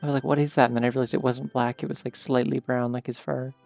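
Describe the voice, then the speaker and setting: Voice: mid-range voice, level tone, fast talker, creaky, darkish tone, soft background music. A streamer casually chatting at the end of a late-night game stream, rambling and trailing off sleepily.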